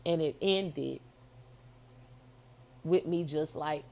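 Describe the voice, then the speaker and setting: A woman's voice: deep voice, normal speed, creaky, a little mellow. A woman vlogger telling a story in a casual, rambling monologue, blunt and full of swearing.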